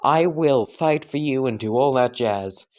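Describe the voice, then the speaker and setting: A man's voice: medium pitch, measured pace, darkish tone, lightly acted. A man voicing a young demon brother from hell who bargains over a contract, casual and swearing. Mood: bargaining. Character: demon twin brother freed from hell, scheming.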